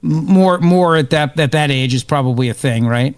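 A male radio host banters with his co-hosts in a loose, joking way and keeps acting out little voices. His voice sits a touch high, and the studio sound is close and dry. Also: moderate pace, clear, resonant tone, no echo. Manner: animated, joking, acts out voices. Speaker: radio talk show host. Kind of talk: casual chat.

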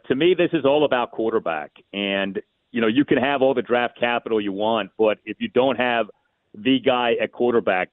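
A man giving measured, opinionated analysis on sports radio, thinking aloud with small restarts. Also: mid-range voice, no room sound. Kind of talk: call-in sports radio talk. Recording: tinny phone line.

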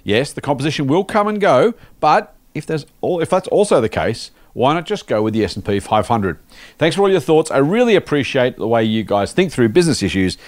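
Lively man hosting a podcast. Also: mid-range voice, fairly quick, no echo. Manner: jokey, conversational, lots of fillers. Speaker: podcast host. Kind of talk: casual podcast chat reading listener mail.

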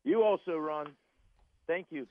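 A man appearing as a regular guest for a weekly radio segment, speaking in a brisk, matter-of-fact way. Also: a little high, no echo. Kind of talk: casual chat. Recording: tinny phone line.

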